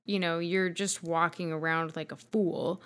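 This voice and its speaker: A woman's voice: fairly low pitch, fairly even intonation, measured pace, a bit bright. A woman co-hosting a casual podcast over wine, talking frankly and rambling with some swearing. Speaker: podcast co-host.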